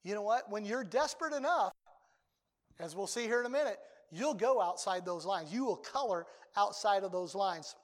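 An older man preaching a sermon as a pastor, talking conversationally and breaking into sudden loud outbursts. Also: high voice, lively intonation, normal speed, big-room sound.

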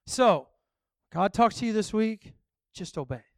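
A man's voice: sits high, a little slow. A male pastor preaching a sermon, telling a story with acted-out dialogue and frequent laughs. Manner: animated storytelling, acts out dialogue, laughs often.

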